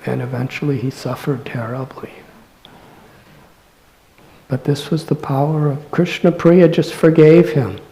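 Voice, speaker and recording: A man, a monk, telling devotional stories in a scripture class at a temple, soft-spoken and often dropping to near-whispers. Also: a little high, fairly even intonation, measured pace, pauses often, low-quality recording. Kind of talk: devotional lecture storytelling.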